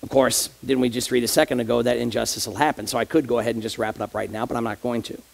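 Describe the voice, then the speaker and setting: Rapid-fire and flat in delivery, this associate pastor's creaky, mid-range voice carries a conversational church sermon. He addresses the congregation directly and asks them rhetorical questions.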